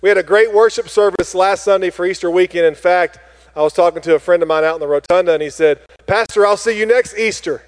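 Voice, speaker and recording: Upbeat pastor with a raised voice, in a reverberant church. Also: male voice, high-pitched, little pitch movement, fast talker. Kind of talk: church announcements and introduction. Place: church sanctuary. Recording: long hall reverb in a church.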